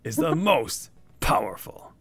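A man hamming up a ninja villain's menacing challenge, dragged out slowly and sinking toward a whisper. The pitch swings widely from word to word, like a game baddie's taunt. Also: big pitch swings, creaky, a bit bright, slightly rough, exaggerated voice. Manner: slow and drawn-out, half-whispered.

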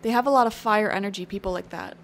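A woman's voice: mid-range voice, quick pace, a little hiss or hum. Chatty woman giving a tarot reading. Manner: chatty, encouraging, thinks aloud with fillers. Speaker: tarot reader. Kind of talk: casual spoken tarot reading.

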